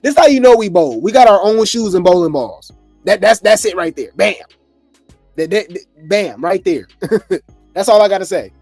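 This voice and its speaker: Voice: mid-range voice, lively intonation, normal speed, gravelly, darkish tone, no room sound, faint music behind. A host rambling casually through reality TV gossip commentary, chuckling often and full of fillers.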